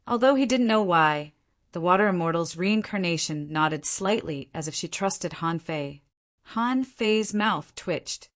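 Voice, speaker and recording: A woman narrating a fantasy audiobook in a steady, even reading voice. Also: lowish voice, measured pace. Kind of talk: scripted narration.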